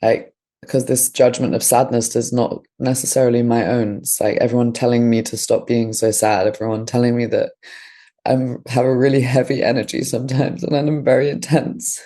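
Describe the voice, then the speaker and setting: A woman's voice: rumbling low, flat delivery, moderate pace, mellow. A woman co-hosting a podcast who openly shares her feelings during a live exercise, vulnerable and frank. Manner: open and vulnerable, laughs self-consciously. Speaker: podcast co-host taking part in a live demo. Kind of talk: candid emotional sharing.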